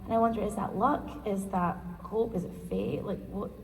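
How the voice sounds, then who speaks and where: Moderator: woman, mid-pitched, chatty and inquisitive, echoing in a large hall. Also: moderate pace, slight background noise. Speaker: panel moderator. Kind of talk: moderating a panel. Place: large convention hall, filmed from the audience. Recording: echoey convention hall recording.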